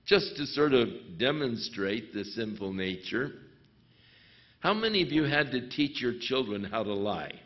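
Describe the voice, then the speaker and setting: A man of ordinary pitch delivers a sermon at an unhurried, measured pace. He lets his voice rise sharply on points he wants to drive home. The recording is muffled and lo-fi. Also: expressive. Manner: slow, deliberate preaching with sudden emphatic rises. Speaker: pastor. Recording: dull lo-fi recording.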